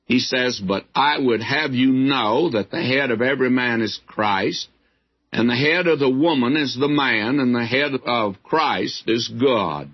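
A man giving a slow, folksy verse-by-verse sermon with frequent asides. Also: medium pitch, breathy edge. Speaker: Bible teacher. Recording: dull lo-fi old recording.

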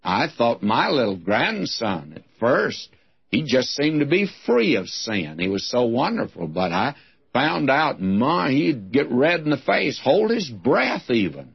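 An older man teaching through Bible verses in a sermon, deliberate, with folksy asides and a husky voice. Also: medium pitch, sing-song. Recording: dull lo-fi recording.

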